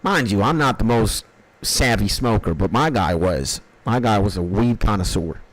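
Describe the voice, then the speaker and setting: A man's voice: on the low side, expressive, moderate pace, dry recording. A man on a stream, telling a rambling, profane anecdote with bursts of laughter in casual storytelling.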